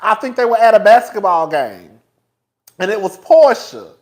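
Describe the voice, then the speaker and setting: Man, casual live-stream host, lively swooping pitch, profane, laughs a lot, chats straight to viewers. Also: moderate pace. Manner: animated, profane, laughs often between remarks; chatty, talks straight to viewers as "girl" and "y'all".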